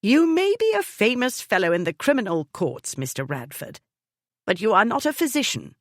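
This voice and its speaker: Brief: imperious elderly lady of society, narrator-voiced, high and cutting. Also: very animated, normal speed, dry recording, clean studio sound, natural voice. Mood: scornful. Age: older. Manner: imperious and scornful.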